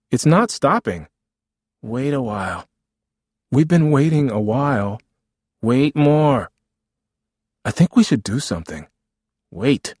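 A man reading aloud voices an ill, weary middle-aged mother who answers in short, flat replies. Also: medium pitch, breathy edge, no echo, studio quality, voice pushed up, exaggerated voice. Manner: terse, flat-spoken replies.

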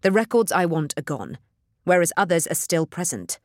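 A woman voicing a proud, paranoid aging woman navigator, a little low in pitch. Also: very animated, moderate pace, dry recording, clean studio sound. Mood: tense.

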